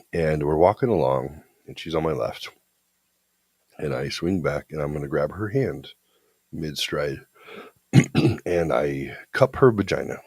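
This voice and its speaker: A man's voice: rumbling low, lively intonation, slow pace, long pauses, darkish tone, husky, no room sound. A man co-hosting a podcast, telling a story in a blunt, profane, confident way. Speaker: podcast co-host. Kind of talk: casual storytelling chat.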